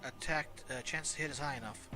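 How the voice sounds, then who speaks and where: A man's voice: mid-range voice, quick pace. A man in his thirties chatting casually as he streams a game, rambling and making self-mocking asides. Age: 30s. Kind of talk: casual gameplay commentary. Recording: game music playing behind.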